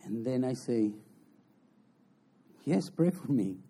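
A man giving an emotional personal testimony as an interview guest, in halting, earnest non-native English. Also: mid-range voice, animated, mellow, slightly rough. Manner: emotional storytelling.

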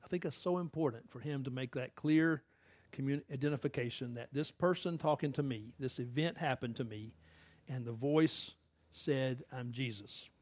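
A man's voice: a little high, dry recording. A middle-aged male pastor preaching in a conversational way, laughing often and acting out the quotes he tells. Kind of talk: sermon.

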